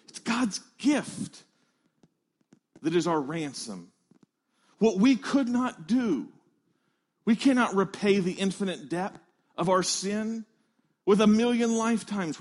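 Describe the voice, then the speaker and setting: Slow, high-voiced male preacher. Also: big pitch swings, darkish tone. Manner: earnest, emphatic preaching with slow stressed phrases. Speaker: pastor. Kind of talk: sermon.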